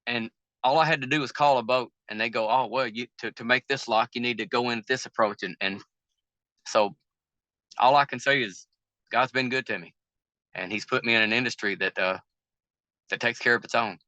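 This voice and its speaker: A man's voice: medium pitch, moderate pace, long pauses, pushed and bright, dry recording. An older man with a Southern American accent, a river boat captain telling candid stories in an interview, plain-spoken and folksy, acting out the dialogue of the people in his stories. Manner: folksy, plain-spoken storyteller who acts out quoted dialogue.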